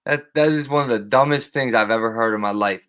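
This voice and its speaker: A man's voice: mid-range voice, a little fast, fairly bright tone, smooth. A man hosting a live stream, ranting casually and profanely and greeting his chatters by name.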